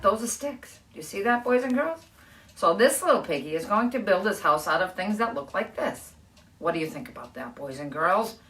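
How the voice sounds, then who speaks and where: A middle-aged woman with a higher-pitched voice reads a story aloud to children over a live video stream, asking them questions along the way. She's animated, gasping and laughing as she quizzes the kids, and she sounds distant from the mic in an echoey room.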